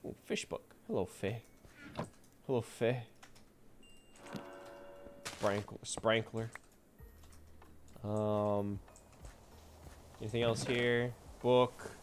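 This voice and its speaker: A man's voice: lowish voice, fairly even intonation, drawn-out words, long pauses, slight background noise. A man streaming a game, chatting casually and teasing his viewers with frequent laughter. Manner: playful, teasing, often laughing. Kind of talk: casual gameplay chat.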